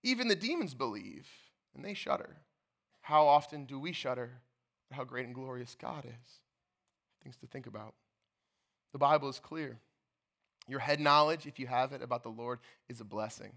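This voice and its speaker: Young male pastor, emphatic sermon delivery, bright tone. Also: mid-range voice, fairly even intonation, normal speed, vocal fry, pauses often. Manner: earnest, emphatic, repeats phrases for stress.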